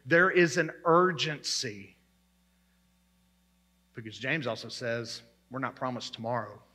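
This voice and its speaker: Guy preaching a sermon, kinda high voice, emphatic, says stuff over and over. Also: unhurried, sharp tone. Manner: emphatic, repeats key words while preaching. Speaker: pastor.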